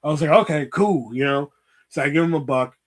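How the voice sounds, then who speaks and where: A livestream host rambles through a lengthy story, chatty and profane, peppering it with "you know" asides. He talks briskly in a fairly high voice.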